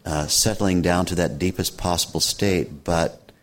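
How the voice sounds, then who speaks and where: An older man with a very low, calm voice tells a story at an unhurried pace. He sounds gently amused and settled, like a teacher talking easily in an interview. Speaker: meditation teacher. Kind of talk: reflective storytelling.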